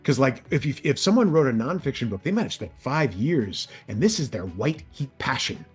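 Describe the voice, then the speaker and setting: A male voice actor and audiobook narrator chatting as an interview guest, lively and demonstrative, often sliding his pitch way up or down to show off different voices. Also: normal speed, breathy edge, soft background music. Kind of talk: casual interview chat.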